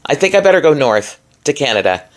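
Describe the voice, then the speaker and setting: A woman's voice: low voice, very animated, quick pace. A woman recording a solo video commentary alone in a room, talking in a frustrated, emphatic and rambling way with many fillers. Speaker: vlogger.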